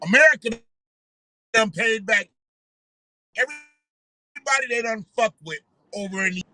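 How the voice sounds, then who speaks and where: Brief: a high-voiced male commentator, heated and profane, sharp tone. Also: a little slow, rough recording. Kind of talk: ranting commentary.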